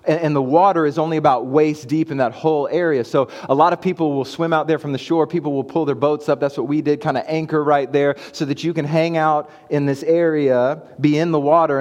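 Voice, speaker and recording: A man in his thirties, a pastor preaching a sermon and telling a family story, moving from hushed to excited. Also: mid-range voice. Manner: storytelling, swings from hushed to hyped. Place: church sanctuary. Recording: long church hall reverb.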